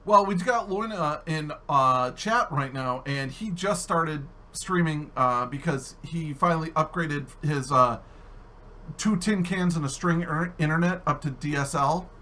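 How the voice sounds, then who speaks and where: A man's voice: on the high side, unhurried, bright, forceful tone. A man hosting a casual podcast interview, chatty and easygoing as he asks questions. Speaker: podcast host.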